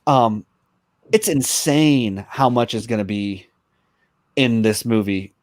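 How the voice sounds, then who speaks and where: A man in a casual podcast chat who talks quickly, hesitates and restarts his sentences. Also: mid-range voice, no echo. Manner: fast, hesitant, restarts often.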